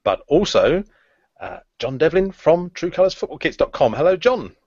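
A man's voice: fairly high pitch, big pitch swings, normal speed, darkish tone, slightly rough, no room sound. A man hosting a casual podcast, speaking with frequent hesitations and a dry wit. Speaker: podcast host. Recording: dull lo-fi podcast audio.

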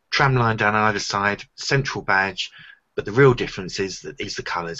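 A man's voice: lowish voice, bright, forceful tone. A man co-hosting a podcast, speaking with enthusiasm and often repeating words as he gathers his thoughts. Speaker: podcast co-host. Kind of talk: casual chat. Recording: dull lo-fi sound.

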